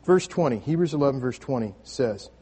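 Husky-voiced man preaching casually. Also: mid-range voice, a little fast. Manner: relaxed and conversational, with restarts. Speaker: pastor. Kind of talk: sermon.

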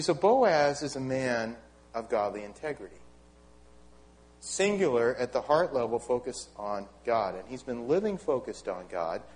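A middle-aged male pastor preaching a sermon in a conversational, animated way, asking the congregation rhetorical questions and adding wry asides. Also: mid-range voice.

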